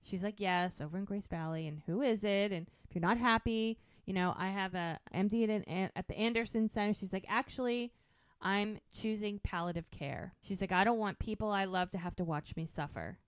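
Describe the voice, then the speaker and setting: Woman, podcast co-host, smooth clear voice, dry close sound, chatty scene recap. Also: medium pitch, fairly quick, no echo, muffled recording. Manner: retells scenes quoting characters, chatty. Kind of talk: casual rewatch podcast recap.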